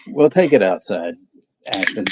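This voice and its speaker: A man co-hosting a casual movie watch-along stream, telling stories in a halting, rambling way full of fillers. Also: on the low side, noisy background. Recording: dull lo-fi stream audio.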